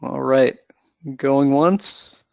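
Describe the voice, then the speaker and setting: Gravelly man moderating a webinar poll. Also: medium pitch, very slow, a little mellow, dry recording. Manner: friendly, procedural instructions. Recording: dry, dull lo-fi webinar audio.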